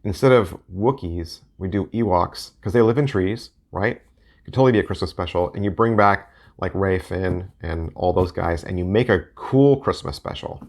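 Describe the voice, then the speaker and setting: Deep gravelly guy rambling about his card decks, thinking out loud. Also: normal speed. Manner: rambling, thinking aloud, self-correcting. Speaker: deck collector and reviewer. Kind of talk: casual talk while looking through playing cards.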